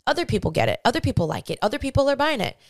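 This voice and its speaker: A woman's voice: a little high, big pitch swings, rapid-fire, no room sound, clean studio sound. A young woman hosting a podcast, giving earnest, chatty faith-based advice straight to her listeners. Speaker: podcast host.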